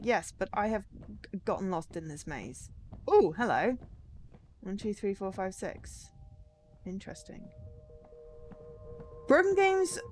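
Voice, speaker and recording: A woman's voice: lowish voice, a little hiss or hum. A tired woman streaming a game, chatting wryly and reading signs aloud. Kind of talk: casual gaming stream commentary.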